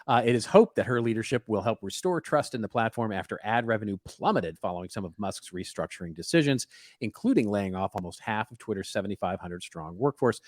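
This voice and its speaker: A man's voice: fairly low pitch, dry recording, clean studio sound. A man co-hosting a casual podcast, reading news stories aloud and breaking in with wry asides. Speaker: podcast co-host.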